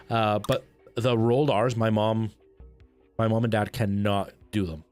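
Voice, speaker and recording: A man chatting casually on a livestream while playing a game, rambling and restarting his sentences and breaking into excited outbursts. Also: fairly low pitch, normal speed, faint music behind. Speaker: game streamer.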